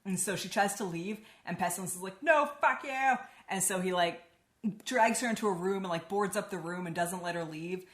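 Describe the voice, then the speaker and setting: Casual lady rambling through a book review, lowish voice, swears a lot, echoey room. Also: steady tone, brisk. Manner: chatty, swears freely, lots of "like".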